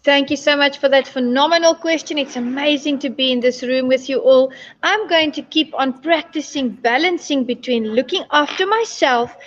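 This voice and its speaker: High-voiced South African woman on a call. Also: normal speed, muffled recording. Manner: upbeat, affirming. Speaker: guest speaker, podcast host. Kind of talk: online show interview. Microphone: video call.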